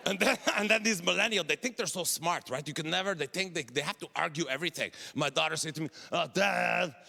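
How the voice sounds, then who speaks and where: High-voiced ranting man, Quebec French accent. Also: fast, gravelly. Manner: ranting, exasperated, shouts punchlines. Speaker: stand-up comedian. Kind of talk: stand-up set. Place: comedy festival stage. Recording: noisy live stage recording.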